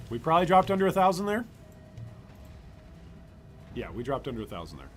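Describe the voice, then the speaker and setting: A man's voice: mid-range voice, a little hiss or hum. A man streaming a video game, chatting playfully with his viewers as he plays. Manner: chatty, playful, joking with chat. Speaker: gaming streamer. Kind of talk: casual gameplay commentary.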